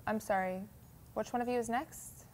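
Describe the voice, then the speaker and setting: A woman's voice: on the high side, fairly even intonation, moderate pace, darkish tone, slight background noise. A woman playing a firm, businesslike audition judge in a comedy skit.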